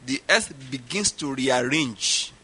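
A man's voice: mid-range voice, lively intonation, takes it slowly, pushed and bright, breathy edge. A middle-aged man with a Nigerian accent preaching a sermon, stressing his points and repeating them for emphasis. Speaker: pastor.

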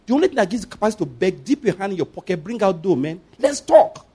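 A Nigerian-accented preacher gives an emphatic, rhetorical sermon, acting out pleas in quotation and repeatedly asking if listeners get his point. He talks fast in a high voice with big pitch swings, a dark tone and a breathy edge.

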